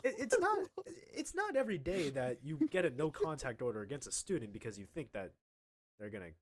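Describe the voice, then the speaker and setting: Animated young man telling a story. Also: mid-range voice, quick pace. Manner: animated, laughing, acts out other people's lines. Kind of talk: casual story time.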